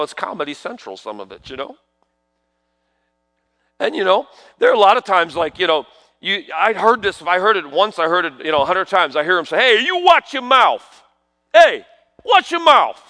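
A middle-aged man preaching a sermon, swinging from hushed asides to loud proclamations and asking the congregation questions. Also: on the high side, animated, a little fast. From New York. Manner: peppers talk with rhetorical questions to the congregation.

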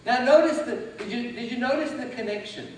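A man preaching a sermon as pastor, emphatic and building to loud declarations. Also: extremely high pitch, a little fast, a little hiss or hum. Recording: echoey hall, mic at a distance. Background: congregation responding.

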